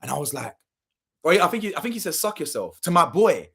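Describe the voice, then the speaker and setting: A man's voice: sits high, very animated, fast, creaky, a bit bright, husky. A young man, telling a story casually and animatedly, full of slang and swearing, acting out what people said. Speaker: channel host.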